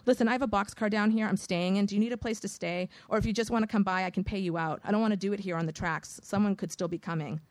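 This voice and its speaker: A woman's voice: mid-range voice, fairly even intonation, fast talker, few pauses, darkish tone, no room sound, natural voice. A woman voicing a tough, streetwise teenage boy who talks bluntly and swears. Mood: casual.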